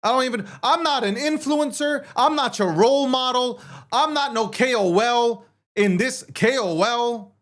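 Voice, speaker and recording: A man's voice: very high voice, measured pace, fairly bright tone. A man hosting a show, ranting in heated, profane, sarcastic commentary. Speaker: show host.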